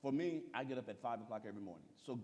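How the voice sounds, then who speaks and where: A man makes his point on a panel, talking quickly and with emphasis. His voice sits at a middle pitch. The long echo of a big hall sits under it. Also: animated, darkish tone. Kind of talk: casual discussion. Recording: reverberant hall.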